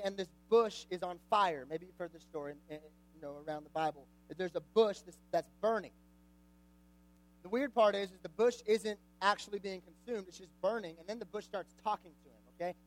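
A man's voice: high-pitched, poor audio. A young man giving a casual, jokey sermon to a youth group, often asking the audience questions. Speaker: youth pastor.

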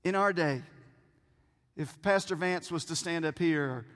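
A man preaching a sermon from a church stage, who asks the congregation questions and pauses for effect. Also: on the high side, fairly bright tone. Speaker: pastor. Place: church sanctuary with a screen. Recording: long reverb of a large hall.

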